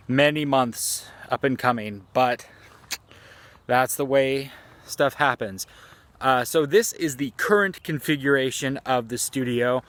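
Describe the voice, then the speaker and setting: A man's voice: medium pitch, fairly bright tone, no room sound. Chatty man vlogging on a phone. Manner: chatty, rambling, self-deprecating. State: a little out of breath. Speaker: gaming YouTuber. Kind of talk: casual vlog talk to camera. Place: outdoors at dusk, near trees. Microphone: phone at arm's length.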